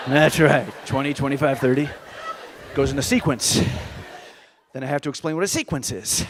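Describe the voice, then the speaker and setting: A middle-aged man performing live stand-up comedy on a theater stage, animated and exasperated, with audience laughter behind him. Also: a little high, moderate pace. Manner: animated, acts out exasperated voices.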